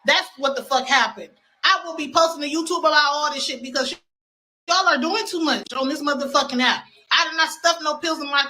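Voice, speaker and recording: A woman's voice: sits high, sharp tone, poor audio. A woman on a livestream ranting defensively against rumors, indignant and full of cursing. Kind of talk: profane livestream rant.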